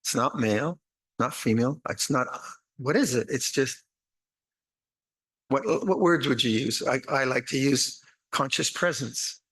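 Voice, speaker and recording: An older man giving a dharma talk at a meditation retreat, speaking slowly and haltingly, with many restarts and a gentle, wry humor. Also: mid-range voice, poor audio. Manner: slow, halting, many repeated words and restarts; gentle, wry, laughs at his own jokes. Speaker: meditation teacher.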